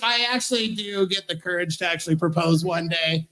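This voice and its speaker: A man telling a halting anecdote at a charity roast, laughing between phrases. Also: high voice, steady tone, bright, forceful tone. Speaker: roast speaker.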